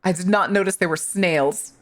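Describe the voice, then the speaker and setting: Woman streamer, casual live chat, joking, lowish voice, cusses a lot. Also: normal speed. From US Midwest. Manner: chatty, joking, swears freely, reads chat aloud.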